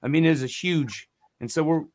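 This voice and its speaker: A podcast co-host in his forties tells a rambling story full of profanity during a casual chat, animatedly quoting people along the way. His voice is a little high and a little fast.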